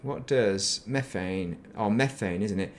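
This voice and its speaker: A man's voice: on the low side, unhurried, slight background noise. A middle-aged man chatting casually while streaming a game, rambling and reminiscing and muttering to himself. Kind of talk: casual gaming stream chat.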